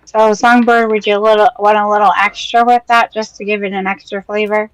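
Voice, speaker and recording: A woman's voice: medium pitch, level tone, fairly quick, dry recording, rough recording. A woman playing a tabletop role-playing game, speaking in a hesitant, rambling way with many fillers. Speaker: player. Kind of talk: tabletop role-play in character.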